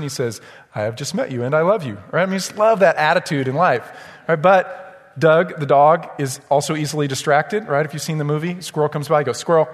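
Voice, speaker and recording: Male pastor, emphatic sermon delivery, frequent asides to the congregation, a little high-pitched, echoing church hall. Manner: emphatic, repeats "right?" to the congregation. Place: church sanctuary.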